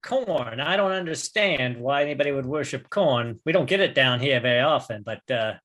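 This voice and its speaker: A man's voice: medium pitch, animated, moderate pace, fairly bright tone. A man playing a tabletop game in character, stammering and flustered. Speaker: player. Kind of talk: tabletop role-play in character.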